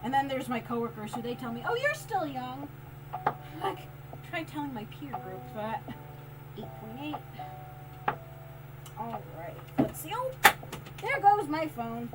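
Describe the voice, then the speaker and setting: A woman's voice: fairly high pitch, animated, a little slow, pauses often. A woman livestreaming as she makes soap, chatting casually, laughing often and reading chat aloud. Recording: lofi music in background. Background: lofi music playing.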